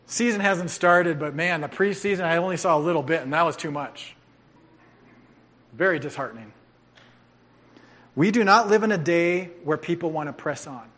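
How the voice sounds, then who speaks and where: Middle-aged male pastor, high voice, coach-style urging sermon, echoing sanctuary. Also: moderate pace, long pauses. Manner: energetic, coach-like urging and joking. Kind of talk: sermon with storytelling. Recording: long reverb of a large hall.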